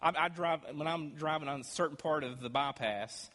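Pastor guy preaching, gets loud then drops soft, big echoey church. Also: fairly high pitch, normal speed. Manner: emphatic preaching, rising and dropping loudness. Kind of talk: sermon. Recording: echoey hall with long reverb.

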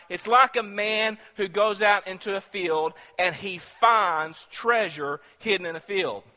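A man preaching a sermon, telling a personal story in a storytelling way that turns loud and animated when he gets excited. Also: high voice, long reverb tail. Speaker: pastor.

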